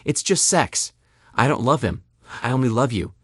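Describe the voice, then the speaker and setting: A man's voice: medium pitch, animated, moderate pace, a bit bright, husky, dry recording, clean studio sound. A man voicing a pleading, tearful wife. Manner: sobbing and begging.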